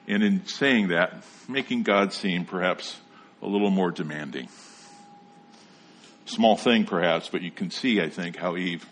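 A man with a somewhat low, husky voice delivers a sermon. He teaches in a measured way and reads scripture passages aloud between his explanations. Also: fairly bright tone. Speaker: pastor.

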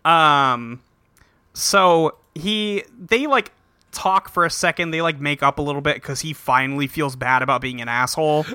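On a podcast he co-hosts, a man recaps a TV episode in rambling, casual chat, leaning heavily on "like" and "um" and acting out characters in quotes. His voice is a little high, pushed and bright, clear and resonant, at a normal speed. The recording is clean studio sound with no echo.

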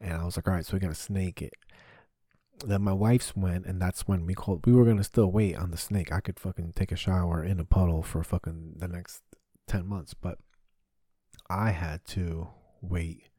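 A man's voice: sits low, steady tone, moderate pace, mellow, no room sound, studio quality. A man hosting a podcast from his home basement, telling a rambling, profane, crude comic story in casual talk. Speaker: podcast host. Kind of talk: casual comedic monologue.

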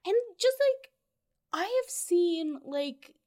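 A woman co-hosting a casual movie podcast, animated, laughing often and trailing off mid-thought. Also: very high voice, slow. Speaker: podcast co-host. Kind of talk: casual movie-review chat.

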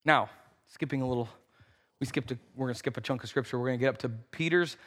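A pastor preaching a conversational sermon in a church, acting out the quotes in voices. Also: male voice, mid-range voice, quick pace, fairly bright tone. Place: church sanctuary. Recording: reverberant church hall.

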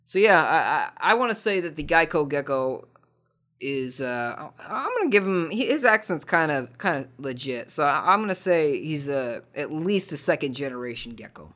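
A podcast host answers listener questions in a rambling, tongue-in-cheek comedic monologue full of false starts and repeated words. His slightly high voice has a sharp tone, and he's very animated at a moderate pace.

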